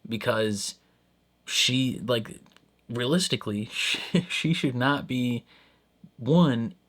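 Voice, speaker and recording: A man's voice: mid-range voice, slow, fairly bright tone. A man giving casual reaction commentary on a show, rambling and full of fillers, often laughing. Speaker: reaction video host.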